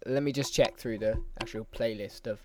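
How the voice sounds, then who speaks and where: A man's voice: lowish voice, steady tone, normal speed. A young man hosting a casual podcast, chatty and rambling. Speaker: podcast host. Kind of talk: casual chat.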